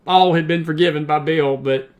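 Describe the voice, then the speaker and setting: A man's voice: a little high, fairly even intonation. Impassioned man hosting late-night talk. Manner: impassioned, preachy, slows down to hammer points. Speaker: talk show host.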